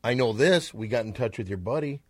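A man's voice: mid-range voice, lively intonation, a little fast, husky, no room sound. A man co-hosting a comedy podcast, bantering bluntly with profane, mock-indignant jabs. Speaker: podcast co-host.

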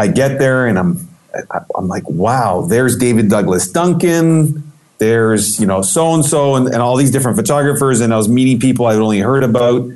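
A middle-aged man in a casual interview, telling a long story with lots of life and playing out the people in it. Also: on the low side. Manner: animated anecdotal storytelling, acts out quoted voices. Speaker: interview guest, photographer.

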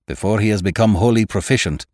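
A man's voice: fairly low pitch, a little mellow, no room sound, voice pushed up, lightly acted. Man playing a grave old doctor. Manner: grave, deliberate. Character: stern elderly doctor, grave and commanding. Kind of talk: audiobook character voice.

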